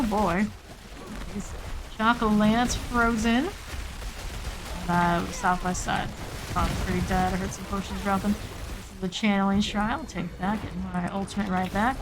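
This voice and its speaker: A woman streaming live gameplay, narrating her moves in short, calm callouts at an ordinary middle pitch. Her voice sits over a clear, steady hiss that sounds like rain in the background of the stream audio. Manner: steady running callouts, calm and matter-of-fact.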